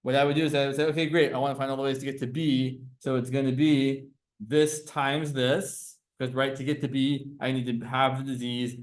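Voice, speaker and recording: Male teacher, classroom lecture, medium pitch, explanatory, self-correcting.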